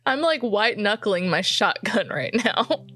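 A woman's voice: mid-range voice, sing-song, unhurried, sharp tone, dry recording, studio quality. A woman playing a tabletop game in character, hesitant and wry. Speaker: player.

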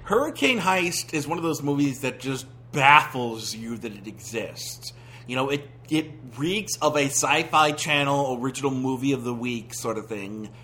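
A man's voice: mid-range voice, animated, normal speed, pushed and bright, a little hiss or hum. A man giving a casual, rambling spoken movie review, sarcastic and full of restarts.

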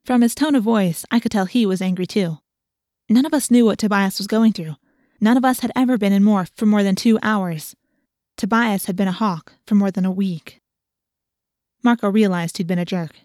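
A woman reading a first-person adventure story aloud in a lively, expressive storytelling voice. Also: mid-range voice, fairly quick, no room sound, clean studio sound. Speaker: audiobook narrator. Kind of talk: first-person audiobook narration.

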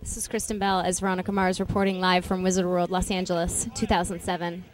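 A woman's voice: lowish voice, level tone, fast. A woman giving a playful mock live report.

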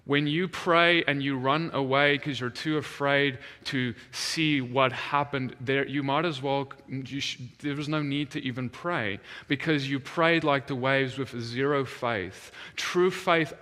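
A man's voice: mid-range voice, a little slow, hardly any pauses. A man preaching a sermon, telling a story and animatedly acting out the voices of the people in it. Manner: animated, acts out quoted voices. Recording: long hall reverb.

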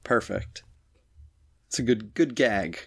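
A man's voice: lowish voice, animated, slow, creaky, breathy edge. Man chiming in with wry comments. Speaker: podcast co-host. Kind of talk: casual chat.

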